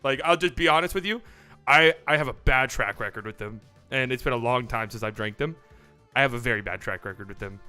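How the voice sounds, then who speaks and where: A man hosting a casual livestream, talking excitably and swearing freely as he acts out mock phone calls. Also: mid-range voice, brisk, smooth, soft background music. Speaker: livestream host.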